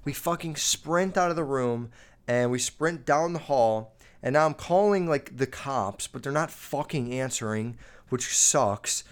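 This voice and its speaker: Man, podcast host, casual monologue, swearing, filler-heavy, mid-pitched. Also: a little slow, smooth. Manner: rambling, heavy swearing, lots of "like"; animated, jumping up and down in pitch while recounting.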